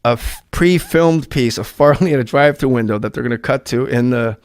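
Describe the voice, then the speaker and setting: A man's voice: medium pitch, a little fast, smooth. A middle-aged man and former comedy writer, telling a behind-the-scenes story as a guest, swearing and acting out the voices of the people in it. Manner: animated, swears, acts out quoted voices, laughs at his own stories. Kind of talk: casual storytelling chat.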